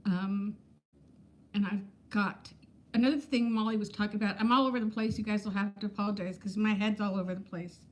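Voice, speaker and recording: A woman's voice: mid-range voice, fairly even intonation, fairly quick. A woman in her fifties chatting candidly on a casual livestream, rambling from thought to thought and greeting viewers by name. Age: 50s. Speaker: vlogger.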